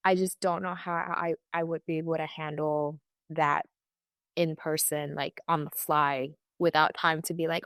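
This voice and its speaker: A young woman, a guest on an interview show, telling a personal account of loss in a halting, emotional way, restarting often and quoting what people said. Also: deep voice, little pitch movement, a bit bright, no echo. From California. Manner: halting, emotional, many restarts and quoted asides.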